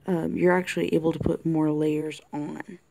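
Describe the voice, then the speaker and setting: Lady with a warm mellow voice chatting thru her pencil drawing, kinda whispery now and then. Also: low voice, flat delivery, a little slow, creaky. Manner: chatty, thinks aloud, drifts into soft whispers. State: has the hiccups. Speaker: art tutorial host. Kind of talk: casual drawing tutorial narration. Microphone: camera mic close to the desk.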